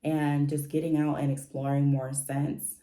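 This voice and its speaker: A woman's voice: low voice, little pitch movement, a little slow, dark tone. A woman chatting casually in a home vlog, rambling a little with fillers and restarts as she talks through her picks. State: briefly out of breath after stairs. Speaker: vlogger.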